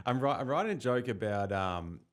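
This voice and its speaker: A man's voice: mid-range voice, big pitch swings, normal speed. An Australian man with an Australian accent, hosting a podcast in casual, candid chat and swearing freely. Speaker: podcast host and comedian.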